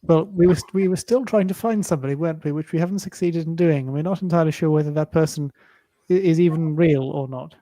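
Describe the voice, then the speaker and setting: A polite man playing a tabletop game who talks hesitantly and fills his pauses. His voice is fairly high but mellow and soft-edged, recorded close and dry. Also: no echo. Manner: polite, hesitant, with many fillers. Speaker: player. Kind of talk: casual tabletop game talk.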